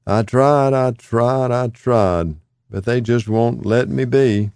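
A man's voice: medium pitch, a little slow, a little mellow, no echo, pitched above the performer's own voice, natural voice. A man reading aloud voices a frail, confused older man who repeats himself emphatically in folksy speech and turns fearful and pleading. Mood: mournful.

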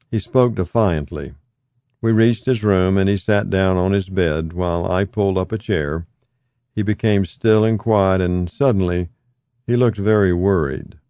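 A man reading his own memoir aloud in a calm, measured way. His voice sits a bit low and sounds mellow and warm. The recording is close and dry, with no room sound. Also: no echo. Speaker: narrator. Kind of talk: first-person audiobook memoir narration.

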